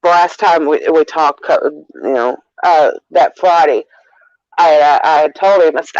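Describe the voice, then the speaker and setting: A man in casual chat, talking in a rambling, halting way, full of fillers and restarts. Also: a little high, dry recording. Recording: dull lo-fi sound.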